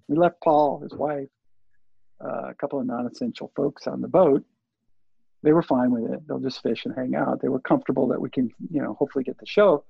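Gravelly, husky older man telling stories. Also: medium pitch, moderate pace, dry recording. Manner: rambling, animated, acts out quoted dialogue. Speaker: interview guest, surf filmmaker. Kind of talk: casual storytelling. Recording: dull lo-fi audio.

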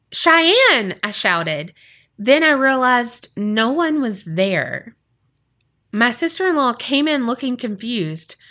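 A woman with a fairly high, bright voice hosts a podcast. She reads a listener's eerie story aloud, her pitch swinging widely as she dramatizes it. Her reactions are animated and expressive. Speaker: podcast co-host. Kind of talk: casual chat and reading a listener story aloud.

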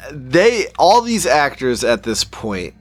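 A man's voice: medium pitch, big pitch swings, takes it slowly. A man co-hosting a casual movie podcast, adding dry, sarcastic comments. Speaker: podcast co-host. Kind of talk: casual movie recap chat.

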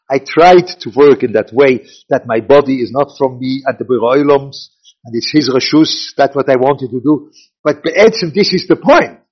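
A man's voice: on the high side, slightly rough. An older man, a rabbi giving an informal Torah lecture, rambling and repeating himself as he mixes in Hebrew and Yiddish terms. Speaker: rabbi teaching a class. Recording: dull lo-fi recording.

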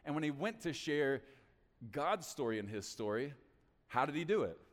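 A male pastor preaching a sermon in an animated way, acting out both sides of conversations. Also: a little high, normal speed, in a large hall.

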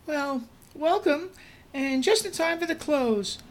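A man voicing a bubbly, gossipy female coworker who talks in a loud stage whisper. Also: extremely high pitch, lively intonation, takes it slowly, pitched above the performer's own voice, heavily acted. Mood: chirpy.

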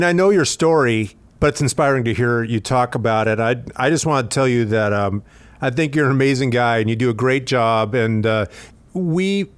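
A man's voice: medium pitch, clean tone, no echo. A man hosting an interview podcast, speaking in a casual, encouraging way with lots of fillers. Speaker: podcast host and company executive. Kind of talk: conversational interview.

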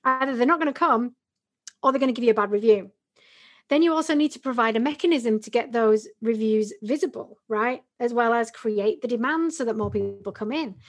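A woman's voice: a little high, brisk. A woman co-hosting a podcast, explaining in a chatty way with examples and frequent "right?" tags. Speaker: podcast co-host. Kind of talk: casual explanatory podcast talk.

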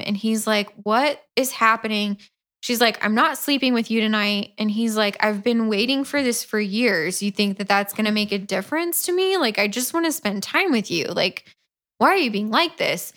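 A woman's voice: mid-range voice, fairly bright tone. A woman co-hosting a podcast, retelling a story in casual chat with lots of laughter and swearing. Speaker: podcast co-host. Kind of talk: casual book review chat.

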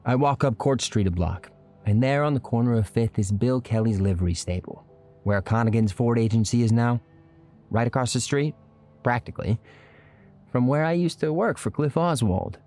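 A man's voice: medium pitch, normal speed, mellow, faint music behind, close to an everyday voice. An actor playing an earnest young man who narrates his own time-travel adventure in a folksy, colloquial way and stammers when flustered, in old-time radio drama style. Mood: storytelling. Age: young adult. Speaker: narrator and lead character.

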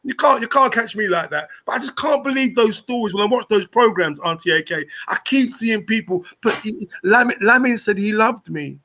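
A man, a comedian and broadcaster chatting as a podcast guest, joking and animated, with shouts when he tells a story. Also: high voice, moderate pace, few pauses, slight background noise. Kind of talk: casual podcast chat.

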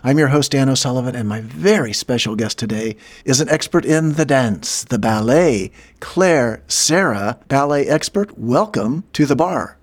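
A man's voice: mid-range voice, animated, moderate pace, few pauses. A man hosting a comedy podcast, interviewing his guest in a dry, faux-formal manner. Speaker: host. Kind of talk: improvised comedy podcast bit.

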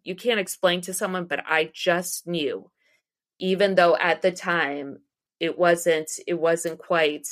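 Taking her time, this middle-aged woman from the U.S. speaks in a fairly even, lowish voice. She is an astrologer and psychic medium sharing personal stories in an easygoing interview, drifting around with restarts and laughs.

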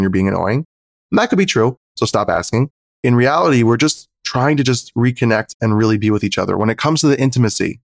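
A man's voice: medium pitch, dry recording, clean studio sound. A man on a podcast giving earnest, practical relationship advice as a therapist guest.

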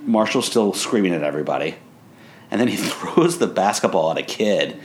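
A man's voice: deep voice, expressive, normal speed, slight background noise. A man co-hosting a casual recap chat, talking in a wry, dry way with chuckles. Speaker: podcast co-host.

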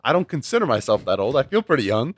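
A man's voice: medium pitch, very animated, quick pace, breathy edge, no room sound. A man in his twenties chatting casually as a podcast guest, rambling through stories with frequent restarts. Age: 20s. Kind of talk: casual chat.

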